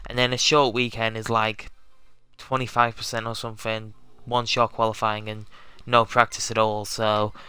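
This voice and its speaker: Guy streaming a racing game, rambly chat to viewers, crisp voice, dry close mic. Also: lowish voice, flat delivery, moderate pace, bright, forceful tone, no echo. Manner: rambling, self-correcting, talks to viewers. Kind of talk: casual live-stream chat.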